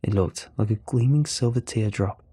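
A man narrating a first-person science fiction story in a steady, even manner. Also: fairly low pitch, moderate pace, slightly rough, no room sound. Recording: faint music underneath.

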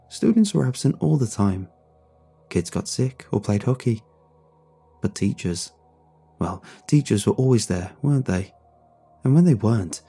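A man narrating a scripted horror story in a measured, reflective way. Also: fairly low pitch, creaky, dark tone, breathy edge. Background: faint music.

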